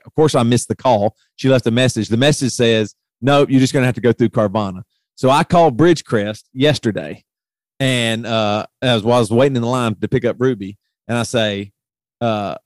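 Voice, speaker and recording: A middle-aged man with a mid-range voice, recorded dry, is telling a long story in casual chat. His retelling is animated, and his voice rises sharply as he gets heated.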